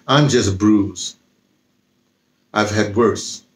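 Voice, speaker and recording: A man reading aloud the lines of a weary, bruised woman politician, in a slow, measured way. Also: on the low side, reverberant.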